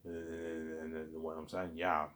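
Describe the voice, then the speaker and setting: A man hosting his own listening series, talking in a rambling, excited way, stumbling over repeated words and often asking "you know what I'm saying". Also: a bass voice, measured pace. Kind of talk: rambling casual monologue.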